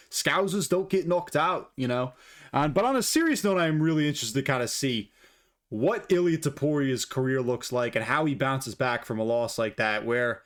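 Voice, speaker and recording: Brief: mid-pitched male host, casual and profane, firing off hot takes on fight matchups. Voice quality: profane, blunt and opinionated. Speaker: MMA commentator, channel host. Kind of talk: casual ranting commentary.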